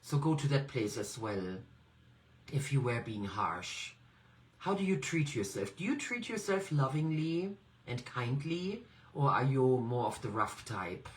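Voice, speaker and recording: Animated woman guiding a coaching exercise. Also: very deep voice, measured pace, rough recording. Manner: gentle, encouraging, invites the listener directly. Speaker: NLP coach. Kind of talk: guided self-reflection exercise.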